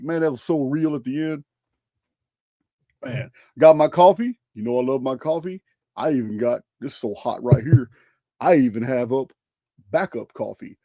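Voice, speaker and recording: A man hosting a casual livestream chat, talking excitedly and often stumbling and repeating his words. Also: medium pitch, no echo, studio quality. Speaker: livestream host.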